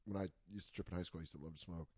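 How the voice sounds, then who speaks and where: A man in his thirties co-hosting a comedy podcast, telling crude stories in an animated way. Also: sits low, rapid-fire, no echo. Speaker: podcast co-host. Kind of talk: casual comedy podcast banter.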